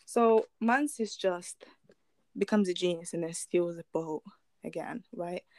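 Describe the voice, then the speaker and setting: A woman's voice: on the low side, unhurried, darkish tone, no echo. A woman casually retelling a true crime story, rambling with fillers, restarts and chuckling asides.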